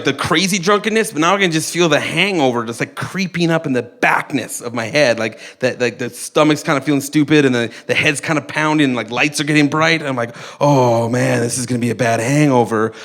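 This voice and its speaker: A man's voice: a little high, fairly quick, few pauses, fairly bright tone. A young man telling a funny story on stage at a live storytelling night, rambling and mocking himself, with many restarts. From Canada. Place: live storytelling event in a venue.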